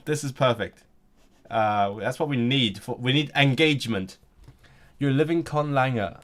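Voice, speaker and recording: Hosting an easygoing live stream on language learning, a young man speaks at a medium pitch. He responds to chat, often begins his sentences again, and tries out Turkish and Welsh phrases haltingly.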